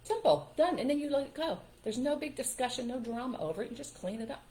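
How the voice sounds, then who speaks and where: An older woman hosting a live stream, giving parenting advice in a relaxed, emphatic way and acting out what to say to children. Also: high voice, quick pace. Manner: emphatic and instructive, acts out what parents should say.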